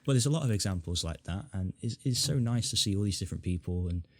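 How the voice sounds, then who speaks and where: Low-voiced man with a northern English accent. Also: animated, fast talker, dry recording. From England. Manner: rambling, many restarts, puts on accents for fun. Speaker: podcast host. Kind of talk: casual chat.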